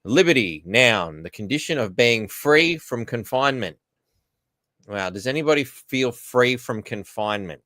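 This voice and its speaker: A man hosts a loose video call chat in a blunt, sardonic way and swears without restraint. His voice sits at a middling pitch and sounds dry and close, with no room around it. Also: expressive, normal speed, bright, forceful tone, no echo. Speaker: host.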